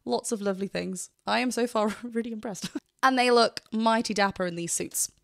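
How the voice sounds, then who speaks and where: Chatty, slightly high-voiced woman vocal coach. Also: vocal fry, fairly bright tone. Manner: chatty, rambling, quick self-corrections and frequent laughs. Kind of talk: casual reaction commentary.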